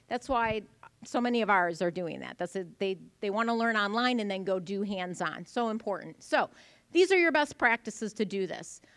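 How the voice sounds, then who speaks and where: A woman in her forties giving a lively conference presentation, telling stories and acting out the voices. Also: mid-range voice, no echo. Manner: animated storytelling, acting out voices. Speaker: conference speaker. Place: event venue.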